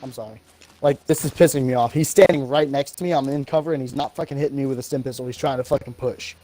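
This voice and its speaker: A man's voice: medium pitch, fairly even intonation, mellow, poor audio. A man from the American South chatting while he plays a game. He swears constantly, gets heated at teammates and often stalls and restarts mid-sentence. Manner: gets tongue-tied, pauses and restarts. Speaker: gamer on a live stream. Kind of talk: casual chat while gaming.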